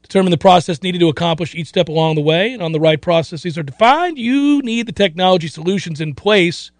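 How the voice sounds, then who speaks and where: A man's voice: sits high, brisk, no room sound. A man hosting a sports radio show in casual, rambling chat, sometimes slipping into playful mock voices.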